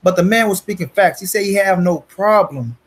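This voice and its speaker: Man, high-pitched voice, casual boxing commentary, blunt, profane, says "you dig" a lot. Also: brisk, rough recording. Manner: blunt, profane, repeats himself for emphasis; peppers talk with "you dig" and "bro". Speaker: boxing channel host.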